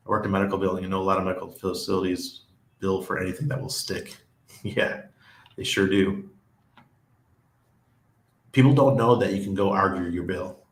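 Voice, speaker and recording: Deep-voiced man hosting a live stream. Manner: rambling, with frequent restarts and laughs. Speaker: livestream host. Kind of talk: casual live-stream chat reading viewer comments. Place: living in Panama. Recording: echoey room.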